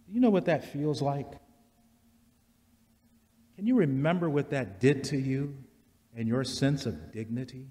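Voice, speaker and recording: A man preaching a sermon in a church, slow and deliberate, building repeated litanies that rise in intensity. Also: medium pitch, animated, dark tone. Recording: long church reverb.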